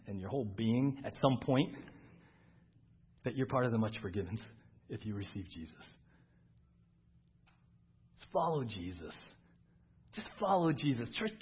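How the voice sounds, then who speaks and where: A man's voice: medium pitch, breathy edge, highs cut off. A man preaching a sermon to his church, earnest and repeating words for emphasis. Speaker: pastor. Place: church service.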